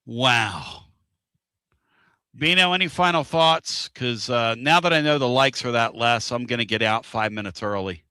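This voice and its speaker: A male host rambles through a casual live-streamed talk show in a folksy, repetitive way. His voice is bright and forceful. The sound is dry and close. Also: medium pitch, a little slow, clear, resonant tone, no room sound. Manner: rambling, repeats himself, folksy.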